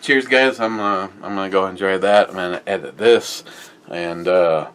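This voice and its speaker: A man's voice: low-pitched, fairly even intonation, normal speed, far from the mic, slight background noise. A man on a casual beer-review vlog reads out viewer comments with crude, joking humor and a lot of swearing.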